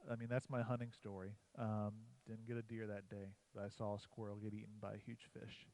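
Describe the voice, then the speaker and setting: A man's voice: on the low side, level tone, brisk, a little mellow, poor audio. Chatty man rambling through a story. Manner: rambling, uses "like" often, chatty. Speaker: church livestream presenter. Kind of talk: casual storytelling and joke-telling.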